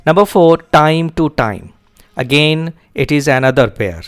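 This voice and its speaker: A man giving a classroom lecture on a poem exercise, repeating and spelling out key words deliberately. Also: fairly high pitch, lively intonation. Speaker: English teacher.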